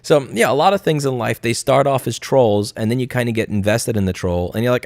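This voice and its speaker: A man's voice: mid-range voice, a little fast, gravelly, few pauses, darkish tone, no echo, studio quality. A man chatting casually on a live stream, blunt and profane, slipping into mocking impressions of others. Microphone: studio mic.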